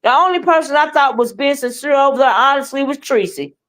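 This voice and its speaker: Brief: woman host, blunt and scolding, swears freely, voice sits a little high. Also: a little fast, fairly bright tone. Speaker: live stream host. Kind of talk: heated casual commentary.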